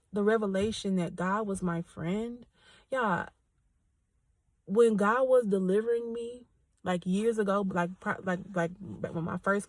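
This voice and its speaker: Woman host, mid-pitched, dry close sound, earnest chatty faith talk with frequent laughs. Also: no room sound. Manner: earnest, chatty, addresses listeners as y'all; laughs often between phrases. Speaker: podcast host. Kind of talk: casual faith talk and personal testimony.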